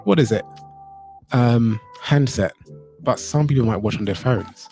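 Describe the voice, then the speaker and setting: A man's voice: mid-range voice, measured pace, vocal fry, a little mellow, soft background music. A man hosting a casual livestream from his home, upbeat and chatty, greeting his viewers over and over, recorded on a phone. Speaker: livestream host.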